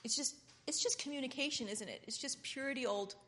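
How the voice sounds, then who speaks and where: Earnest woman preaching with a bright voice. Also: high voice, brisk. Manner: earnest, rambling, grows loud and impassioned. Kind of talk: informal sermon.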